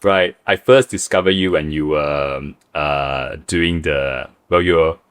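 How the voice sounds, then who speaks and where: A Malaysian man with a Malaysian accent hosting a podcast, relaxed and hesitant with many fillers. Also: extremely low pitch, slow pace, clean tone. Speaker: podcast host. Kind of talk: casual interview chat.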